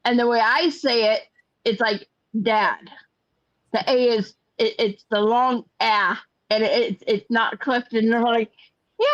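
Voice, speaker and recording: A woman's voice: on the high side, fairly even intonation, unhurried, no echo, dull audio. An older woman hosting a casual crochet chat stream, telling rambling stories and repeating words as she goes. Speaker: host of a crochet chat livestream.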